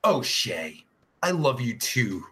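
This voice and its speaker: Speaking slowly in a mid-range voice with big pitch swings, a podcast host with a blocked nose reads out viewer comments. His crude, casual talk is loud, jokey and laced with swearing, alternating between shouts and mumbles.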